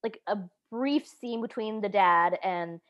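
A woman's voice: medium pitch, a little slow, lo-fi sound. A woman chatting casually about movies, full of restarts and side remarks. Her laugh breaks in often, and her voice sits in a plain middle register. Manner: chatty, animated, laughs often, trails off mid-sentence. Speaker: podcast guest, writer. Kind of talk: casual chat about films.

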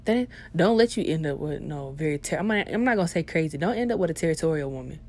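A young woman delivering a profane comedic rant, swinging between hushed asides and loud outbursts. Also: low-pitched, animated, fast talker. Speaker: vlogger.

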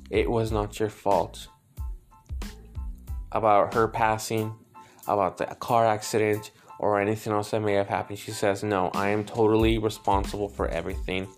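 A man working as a psychic medium, passing on messages in a gentle, halting way, repeating words and laughing now and then. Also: on the low side, little pitch movement, soft background music. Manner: emotional, laughs between lines. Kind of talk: spirit reading, relaying messages.

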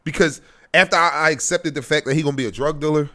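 A man co-hosting a podcast, telling stories in fast, animated casual chat. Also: a little high. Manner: rapid, animated storytelling. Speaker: podcast co-host.

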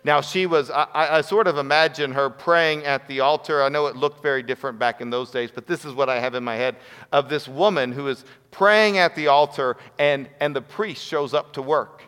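A man's voice: on the high side, moderate pace, fairly bright tone, clear, resonant tone. Man preaching in a reverberant hall. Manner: earnest, storytelling with acted quotes. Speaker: pastor. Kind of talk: sermon.

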